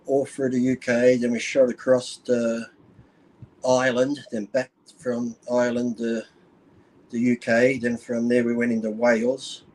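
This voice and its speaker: A man's voice: mid-range voice, completely flat delivery, unhurried, a little mellow, rough recording. Guy guesting on a podcast, tells gross stories and keeps cracking up. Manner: laughing, crude storyteller. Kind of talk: casual chat.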